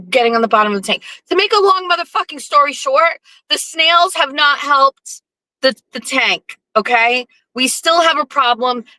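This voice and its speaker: Bright, brash woman ranting on a stream. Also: a little high, no echo, poor audio. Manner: profane, animated storytelling with sarcastic asides. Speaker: show host. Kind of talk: casual live-stream monologue.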